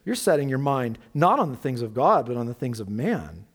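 Low stern teacher voice, a man doing it, grave, big hall reverb. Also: very animated, brisk, breathy edge. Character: stern male teacher rebuking his followers.

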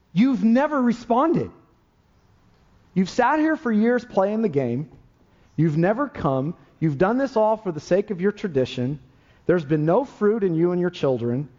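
A man's voice: high voice, dark tone, muffled recording. A man preaching a sermon as pastor, impassioned and building to emphatic peaks.

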